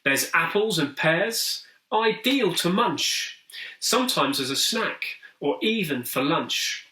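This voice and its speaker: A man voicing a clever, helpful boy who talks in a calm, coaxing way. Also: fairly high pitch, slow pace, heavily acted. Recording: roomy echo, distant mic.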